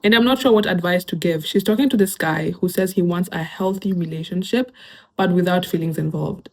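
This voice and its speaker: A young Kenyan woman with a Kenyan accent reads online posts aloud as a YouTuber and chats about them casually. Her voice is fairly low and a little fast. She laughs often and drops Swahili slang into her talk.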